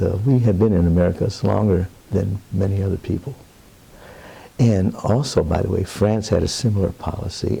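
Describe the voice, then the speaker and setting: A man's voice: low voice, gravelly, warm tone, slightly rough. An older man being interviewed, telling a personal story in an earnest, plainspoken way with rambling asides. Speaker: interviewee, Roma advocate.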